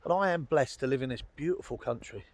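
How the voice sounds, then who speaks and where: A man's voice: medium pitch, quick pace. Rambling man on a hillside. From London. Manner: chatty, rambling, full of ums and uhs. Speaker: outdoors vlogger. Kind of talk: rambling casual vlog chat. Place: outdoors on a Welsh hillside. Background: dogs nearby.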